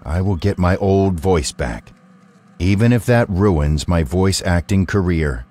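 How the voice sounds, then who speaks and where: A man's voice: low voice, animated, unhurried, darkish tone. An actor playing a male robot with a new human-sounding voice, talking earnestly and in carefully worded sentences.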